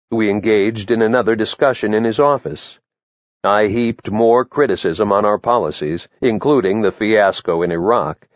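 A man reading his own memoir aloud in the first person, with a measured, matter-of-fact delivery. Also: on the low side, no room sound, highs cut off. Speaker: memoir narrator.

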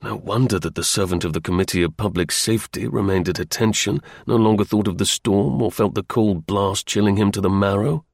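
Gravelly male audiobook narrator. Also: lowish voice, a little fast, few pauses, no room sound, clean studio sound.

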